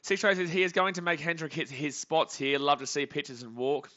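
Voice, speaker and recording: A young Australian man hosting a live baseball reaction stream, joking with chat and calling pitches, swinging from muttering to shouting. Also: a little fast, muffled recording. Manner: excitable, jokey, swings between muttering and shouting.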